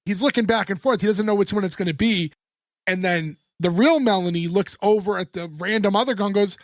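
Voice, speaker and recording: A man in his thirties co-hosting a podcast, recapping a sitcom episode in casual chat, animated and laughing, often swearing. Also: high-pitched, brisk, no echo. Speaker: podcast co-host.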